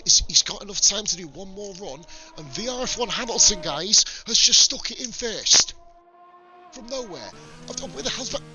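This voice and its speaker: On a rough recording, a high-sitting male voice with a northern English accent blended with Welsh, from northern England, commentates a sim race live, joking with viewers and swearing without restraint.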